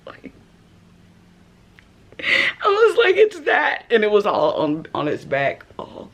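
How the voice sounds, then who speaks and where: A woman's voice: low voice, slow. A woman in her forties vlogging from home, telling a story with laughs and shrieks. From Texas. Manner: animated, laughing, reenacts with shrieks. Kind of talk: casual storytelling vlog. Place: at home in an apartment.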